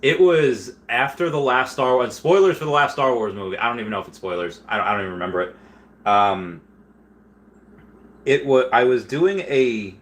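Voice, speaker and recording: A man hosting a casual livestream, rambling with lots of fillers and getting loud and worked up when annoyed. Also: medium pitch, moderate pace. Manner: excitable, rambling with many fillers, gets loud when upset. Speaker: host.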